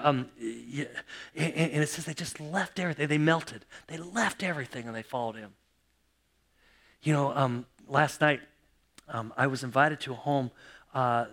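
A middle-aged male pastor preaching a sermon, telling stories dramatically, jumping from loud exclamations to hushed, almost whispered lines. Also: medium pitch.

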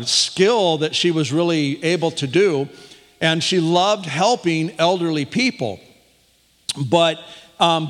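High-voiced man preaching in a reverberant hall. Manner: animated storytelling, voice rising when excited. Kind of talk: sermon with personal story and scripture reading. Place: church hall.

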